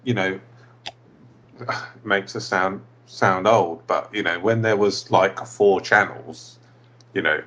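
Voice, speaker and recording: Bloke, husky lowish voice, chill hesitant podcast chat. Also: male voice, slow, pauses often, a bit bright, muffled recording. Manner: laid-back, hesitant, trailing asides. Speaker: podcast co-host. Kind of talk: casual comedic chat.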